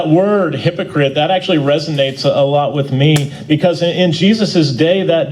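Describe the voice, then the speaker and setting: A man teaching a church Bible class in a folksy, conversational way. He often restarts and repeats words, and he gets louder on his key points. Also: on the high side, a little hiss or hum, poor audio.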